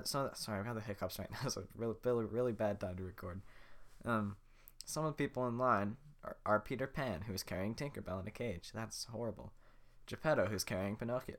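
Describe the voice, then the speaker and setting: A man casually retelling a film scene by scene, rambling and interrupting himself as he narrates. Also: lowish voice. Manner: rambling, self-interrupting with fillers.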